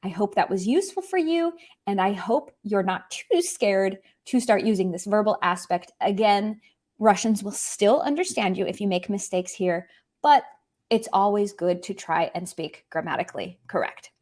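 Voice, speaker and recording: A young woman teaching a language lesson online, animated and emphatic, often repeating her key points. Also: mid-range voice, moderate pace.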